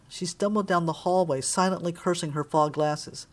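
A woman reading a novel aloud in measured, wry scripted narration. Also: fairly low pitch, steady tone. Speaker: audiobook narrator.

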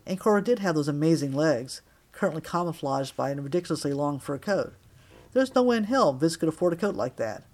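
A man narrating an audiobook with a wry, expressive storytelling manner. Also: fairly high pitch, fairly quick.

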